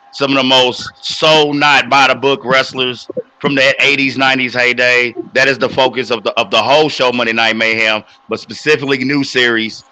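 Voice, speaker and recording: Man, very bright sharp tone, hype announcer delivery, casual podcast banter. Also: mid-range voice, smooth, poor audio. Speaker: podcast host promoting his wrestling show. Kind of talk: casual banter and show plug.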